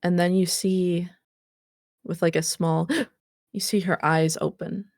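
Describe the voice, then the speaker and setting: A woman's voice: on the low side, fairly even intonation, takes it slowly, a little mellow, no room sound, clean studio sound. A woman narrating as game master in a tabletop game, hesitant and full of fillers.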